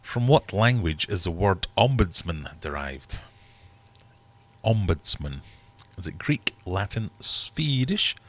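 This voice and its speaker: A man's voice: sits low, big pitch swings, slow pace. A man hosting a live-stream quiz from his fish room, chatty and teasing his viewers. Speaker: livestream host running a quiz. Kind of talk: casual live-stream chat.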